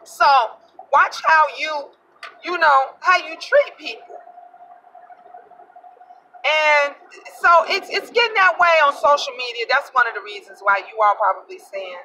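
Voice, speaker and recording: A woman with a high voice vents to her viewers in a blunt, cursing, emphatic way. She sits back from the mic inside a car. Loud vehicle noise runs under her voice. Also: animated, a little slow, far from the mic, poor audio. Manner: blunt, profane, emphatic, addresses viewers directly. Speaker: vlogger. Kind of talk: casual storytelling to camera.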